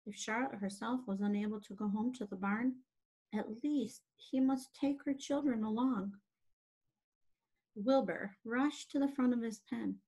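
A woman reads aloud from a children's book in a gentle, expressive narrating voice. Her pitch sits slightly high. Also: gravelly, breathy edge.

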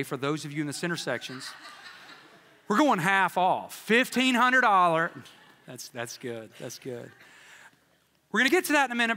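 Folksy pastor, bright voice. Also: male voice, a little high. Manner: joking storyteller, folksy and animated. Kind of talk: sermon. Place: large church hall. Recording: reverberant church hall.

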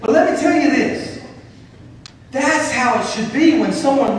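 A man preaching a sermon as pastor, fervent and building to shouts, with many repeated phrases. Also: very high voice, lively intonation, normal speed, slight background noise. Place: church sanctuary. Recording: echoey church hall from far off.

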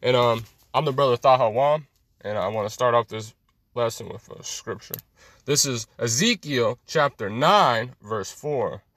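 A man's voice: medium pitch, unhurried, fairly bright tone, dry recording. A man teaching a scripture lesson in a street style, preachy, emphatic and full of profanity.

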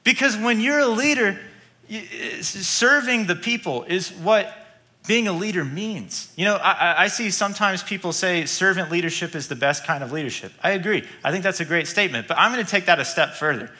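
Man, pastor, sermon, very bright tone, fairly high pitch, energetic, repeats lines. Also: fairly quick. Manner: energetic preaching with repetitions and restarts.

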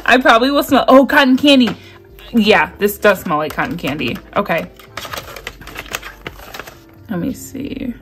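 A woman chatting excitedly as she unboxes gifts sent by a friend, gushing, gasping and laughing often. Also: mid-range voice, unhurried, long pauses, music in the background. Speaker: YouTube creator unboxing mail.

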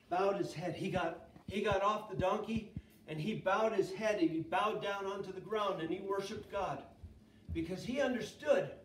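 A man teaching children's church, telling a Bible story with energy and asking the kids questions. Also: high-pitched. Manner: lively, asks kids questions. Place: church kids' room. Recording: echoey room, far from mic, faint noise.

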